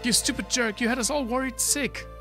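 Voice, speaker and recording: A man's voice: very high-pitched, a little fast, music in the background, pitched above the performer's own voice. A man voicing a spirited young woman who scolds and worries over an old childhood friend, reading game dialogue aloud in a raised voice. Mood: pleading, scolding.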